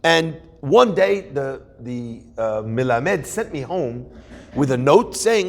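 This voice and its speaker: A man, a rabbi giving a weekly Torah class, telling stories in an animated way and acting out quoted voices. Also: mid-range voice, takes it slowly, gravelly.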